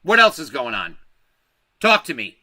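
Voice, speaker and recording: A man's voice: medium pitch, huge pitch swings, a little slow, sharp tone, no echo. A man hosting a livestream, delivering a profane, emphatic political rant straight to his viewers. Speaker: livestream host. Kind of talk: ranting political livestream monologue.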